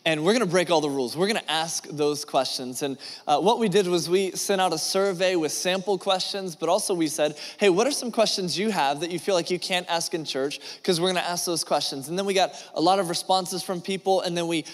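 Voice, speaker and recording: Animated high-voiced male pastor. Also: big-room sound. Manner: animated, conversational, acts out whispered asides. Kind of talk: sermon.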